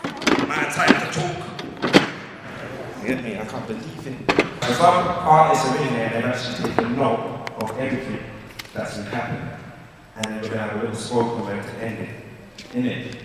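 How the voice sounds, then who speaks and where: Man, storytelling, slangy, lively, distant mic, booming hall echo. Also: normal speed, pauses often, heavy background noise. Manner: lively, storytelling, slangy, asks "you get me?". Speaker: community forum participant. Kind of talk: animated community discussion. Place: large community hall.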